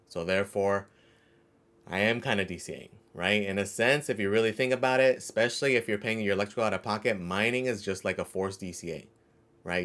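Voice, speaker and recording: A man's voice: fairly low pitch, fairly bright tone. A man hosting a crypto mining vlog, talking casually and conversationally, often tagging his sentences with "right?". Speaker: crypto mining channel host. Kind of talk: casual vlog talk to camera.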